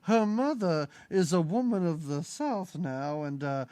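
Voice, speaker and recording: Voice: medium pitch, lively intonation, a little slow, dark tone. A podcast co-host in a casual movie-recap chat, laughing often and acting out lines from the film in silly voices.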